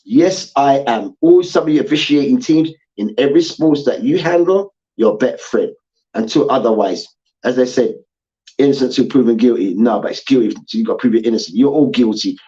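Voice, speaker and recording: A man's voice: medium pitch, expressive, normal speed, warm tone, highs cut off. A man hosting a heated sports debate show, ranting and swearing, repeating his points and mocking people with chants.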